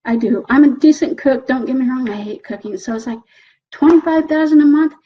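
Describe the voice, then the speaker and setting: A woman giving a motivational talk as a coach, animated and often asking "okay?", voicing her own excited thoughts. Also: on the high side, quick pace, husky, lo-fi sound.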